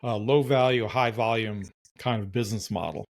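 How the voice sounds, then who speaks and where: A man co-hosting a casual podcast, giving short replies and measured explanations. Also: fairly low pitch, steady tone. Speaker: podcast co-host.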